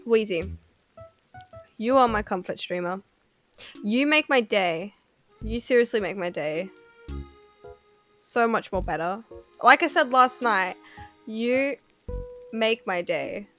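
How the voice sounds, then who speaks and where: A woman streamer chatting casually on a livestream, excitable and giggly, swearing freely. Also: mid-range voice, slow pace, pauses often, faint music behind.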